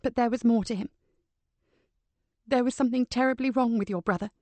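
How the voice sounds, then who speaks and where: A woman voicing a composed older mother confessing calmly to her family, her tone even and dignified. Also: on the high side, fairly quick, no echo, close to an everyday voice. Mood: tender. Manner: even, controlled, softly dignified.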